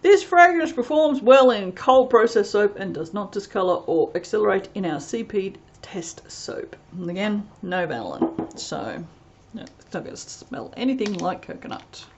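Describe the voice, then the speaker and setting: A woman's voice: mid-range voice, big pitch swings, normal speed, few pauses, a little hiss or hum. A woman chatting casually as she reviews soap fragrances, rambling and reading product blurbs aloud. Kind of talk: casual unboxing chat.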